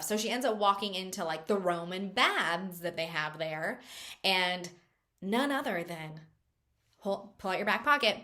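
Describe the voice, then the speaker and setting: Bubbly bright-voiced woman reviewing a book. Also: medium pitch, normal speed. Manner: chatty, bubbly, full of fillers. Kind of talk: casual book review chat.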